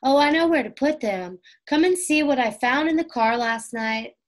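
A woman reading aloud, voicing a gentle young sister in a children's storybook, soft and patient. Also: medium pitch, expressive, measured pace. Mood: excited.

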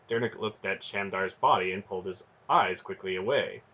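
A man reading a fantasy novel aloud as an expressive audiobook narration. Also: sits low, moderate pace, hardly any pauses, highs cut off, a little hiss or hum. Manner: dramatic storybook narration, expressive.

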